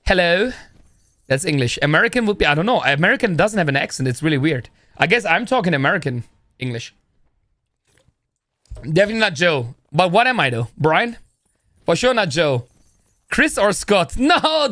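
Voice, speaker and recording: A young man, talking in a loose, rambling, slangy way with plenty of "bro", pitched somewhat high for a man. His voice is close to the mic and dry, with no room sound. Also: sing-song, brisk, pauses often, bright, forceful tone, no room sound. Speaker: streamer. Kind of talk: casual live-stream chat.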